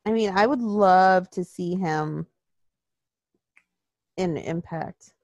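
A woman's voice: fairly low pitch, slow pace, dry recording. A woman co-hosting a casual wrestling chat, profane and mocking, talking close to a dry mic.

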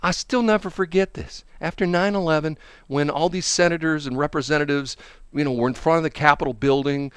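A man's voice: fairly high pitch, a little fast, clear, resonant tone, no room sound, clean studio sound. A man hosting a casual talk show, rambling through opinionated stories with asides. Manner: rambling, animated storytelling with laughs and asides.

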